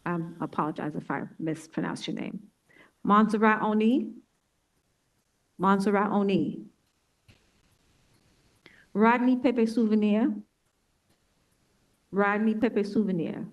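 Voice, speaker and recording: A woman with a New York accent chairing a public board meeting, reading out a roll call slowly and deliberately. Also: mid-range voice, poor audio. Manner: slow, deliberate name-reading.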